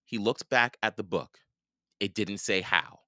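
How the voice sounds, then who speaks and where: A man reading a children's storybook aloud in a slow, expressive way. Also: lowish voice, dry recording, clean studio sound. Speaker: reader.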